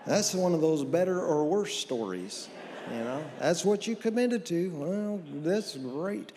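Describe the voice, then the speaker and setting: A man's voice: a little high, animated, measured pace, mellow, long reverb tail, a little hiss or hum. A middle-aged man telling folksy, self-deprecating stand-up stories from a stage, acting out the lines of people in them. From American Southwest. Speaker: stand-up comedian. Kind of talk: stand-up storytelling. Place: church hall with audience.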